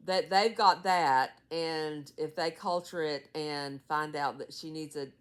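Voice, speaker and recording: Low, slow-talking woman in her sixties. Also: clean tone. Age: 60s. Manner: rambling, many fillers and trailing asides. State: tired, yawning. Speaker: caregiver for her mother. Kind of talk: casual vlog update.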